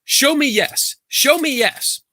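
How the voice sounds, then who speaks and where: A man's voice: slow, no room sound, clean studio sound, exaggerated voice. A man putting on the voice of a furious older woman who screams indignantly. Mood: screaming indignant. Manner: shrill, indignant yelling.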